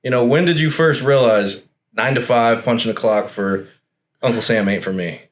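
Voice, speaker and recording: A man's voice: mid-range voice, normal speed. A man hosting a podcast, chatting in a friendly, laid-back way and calling his guest "man" often. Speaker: podcast host. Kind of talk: casual podcast chat.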